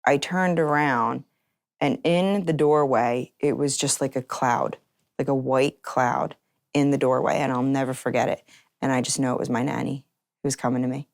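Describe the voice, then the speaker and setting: A woman with a strikingly low, deep voice tells a personal story in an interview. She talks casually and chattily, scattering filler words through her sentences. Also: steady tone, normal speed, gravelly. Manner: chatty, heavy use of "like" fillers.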